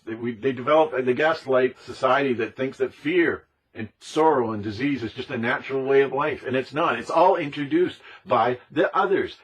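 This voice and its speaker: A man who speaks on conspiracy topics delivers an impassioned, emphatic monologue, repeating himself and now and then mimicking other people's voices. His voice is mid-range and slightly rough.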